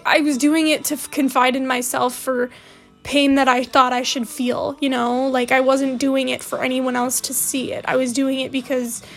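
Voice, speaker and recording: A woman's voice: high-pitched, fairly bright tone. A young woman telling a personal story to her viewers in a rambling, candid way, full of fillers and restarts. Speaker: vlogger.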